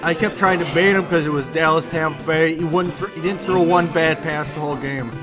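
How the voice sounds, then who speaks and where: A man chats casually about his tournament matches, rambling a bit in a relaxed way. His voice is slightly high. Loud music plays behind him. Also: a little fast. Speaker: tournament player. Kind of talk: casual chat.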